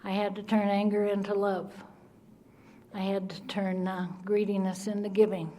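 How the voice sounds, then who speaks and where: A woman's voice: mid-range voice, monotone, moderate pace, dark tone, slight background noise. A middle-aged woman, telling her recovery story bluntly and earnestly at a speaker meeting. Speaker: Al-Anon speaker. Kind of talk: recovery talk, personal story.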